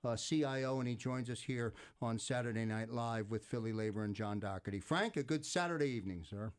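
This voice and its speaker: A man co-hosting a talk radio show, reading sponsor messages and event announcements in a brisk, upbeat way. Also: mid-range voice, clear, resonant tone. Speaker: radio co-host.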